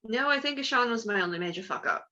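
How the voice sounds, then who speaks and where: A woman's voice: a little high, animated, quick pace, bright, forceful tone, highs cut off. A woman voicing a playful male elven god in a tabletop game, talking casually. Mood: offhand. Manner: casual, laughing, offhand. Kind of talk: tabletop role-play.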